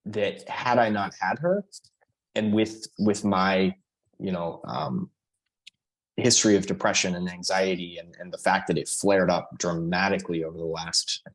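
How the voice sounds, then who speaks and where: A man speaking as a podcast guest, earnest and halting, with many fillers. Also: low-pitched. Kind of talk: casual conversation.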